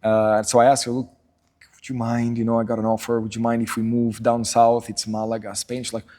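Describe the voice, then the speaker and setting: A man's voice: mid-range voice, brisk, a little hiss or hum. A middle-aged man from Portugal, a podcast guest, telling stories casually and acting out quotes in raised voices. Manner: animated storyteller, acts out quotes in raised voices. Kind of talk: casual storytelling interview.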